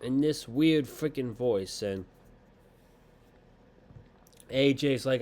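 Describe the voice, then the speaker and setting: A man's voice: mid-range voice, slow, a little mellow. A young man hosting a casual podcast review of a wrestling show, blunt and rambling, swearing casually.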